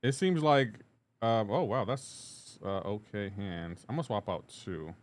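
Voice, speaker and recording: A man's voice: on the low side, expressive, a little slow. Laid-back man chatting on a game stream. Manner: laid-back, reads chat messages aloud and answers them; rambling with frequent restarts and asides to gameplay. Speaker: live streamer. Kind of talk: casual gaming livestream chat.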